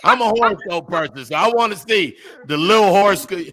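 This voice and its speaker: A man's voice: high-pitched, expressive, brisk, pushed and bright. A man co-hosting a podcast, joking and teasing his friends in casual banter. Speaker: podcast co-host. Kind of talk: casual chat.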